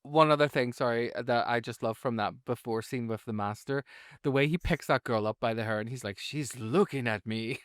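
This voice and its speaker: A man's voice: mid-range voice, brisk, clean tone, no echo, clean studio sound. A man with a Northern Irish accent co-hosting a podcast, cheeky and bawdy in casual chat. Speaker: podcast co-host.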